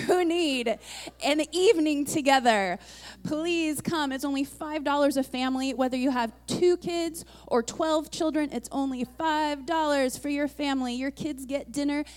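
Bright-voiced woman giving church announcements. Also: a little high. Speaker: church leader.

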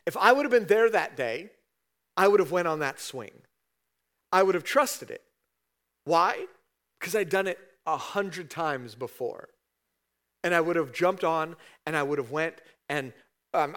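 A man's voice: on the high side, lively intonation, unhurried, pauses often, fairly bright tone. A middle-aged man, a pastor, preaching a sermon in a conversational storytelling way, often tagging "right?" onto his sentences.

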